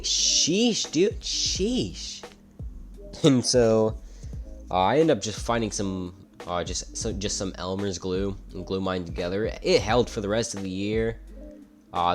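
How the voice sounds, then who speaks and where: Young man, low-pitched, casual vlog storytelling, rambly, faint music behind. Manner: rambling, with many uhs and restarts. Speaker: YouTube commentator.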